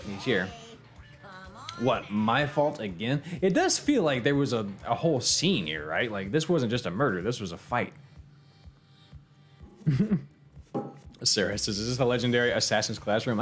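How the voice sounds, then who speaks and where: A man's voice: mid-range voice, big pitch swings, moderate pace, pauses often, faint music behind. A young man streaming a game, chatting casually with viewers, swearing and laughing as he reads the game text aloud. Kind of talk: casual let's-play commentary, reading game text aloud.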